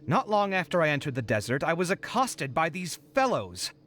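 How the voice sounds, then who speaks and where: A man's voice: fairly high pitch, very animated, normal speed, a bit bright, a little hiss or hum. An actor playing a weary, put-upon young male architect in a video game, given to sighs and exasperated complaints. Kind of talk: game dub voice acting. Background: faint game music.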